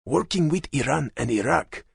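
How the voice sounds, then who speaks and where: A fervent hardline politician with a raspy, harsh voice pushed up high, speaking with driving passion, as a male narrator puts him on. The pitch leaps around a lot, and the recording is dry and close. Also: lively intonation, moderate pace, no room sound, full character voice. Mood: scheming. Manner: impassioned, intense.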